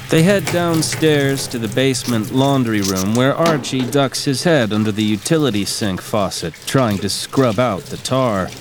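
A man reading scripted narration for an audio drama in a steady, even way. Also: medium pitch, unhurried, few pauses, background noise. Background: music.

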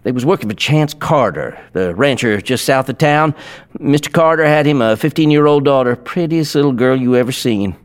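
An actor playing a nervous, talkative small-town barber who speaks in a folksy, stammering way. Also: male voice, mid-range voice, normal speed, close to an everyday voice.

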